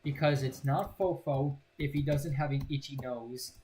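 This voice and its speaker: A man's voice: medium pitch, steady tone, normal speed, darkish tone, slight background noise. Playful young male gaming commentator. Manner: playful, rambling, jokey. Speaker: gaming channel host. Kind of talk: casual gameplay commentary.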